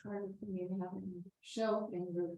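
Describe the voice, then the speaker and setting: A woman's voice: on the low side, little pitch movement, fairly quick, dark tone, dull audio. A woman taking part in a group session, sharing in a tentative way and trailing off. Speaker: group participant.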